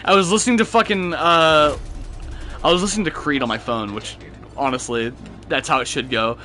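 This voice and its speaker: Bright-voiced young man telling profane stories. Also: on the high side, a little fast, faint music behind. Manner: profane storytelling, laughs often. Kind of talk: casual gaming chat.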